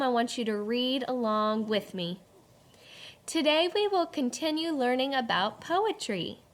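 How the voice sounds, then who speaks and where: A woman teacher giving a slow, clearly paced reading lesson to children from home. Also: on the high side. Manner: slow, clear teacherly delivery, stretching key words.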